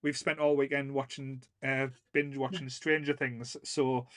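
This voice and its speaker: A man's voice: medium pitch, little pitch movement, unhurried, fairly bright tone. A man with a Northern English accent co-hosting a casual live-stream chat, rambling and laughing often. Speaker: podcast co-host.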